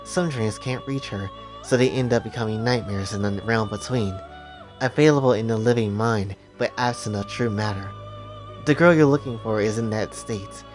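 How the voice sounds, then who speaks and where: A man voicing a calm, solemn young female attendant who speaks softly and formally. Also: on the low side, soft background music, lightly acted. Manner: soft, measured, formal.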